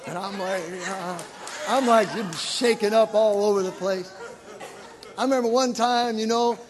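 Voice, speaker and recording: A man's voice: high-pitched, a little slow, big-room sound, some chatter behind. A man preaching a sermon, telling stories and acting out the voices of the people in them, building his points with repetition.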